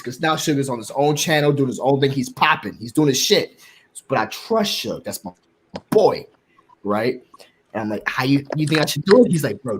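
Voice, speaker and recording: Male podcast host, mid pitch, animated storyteller who swears freely, faint noise behind. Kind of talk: casual chat.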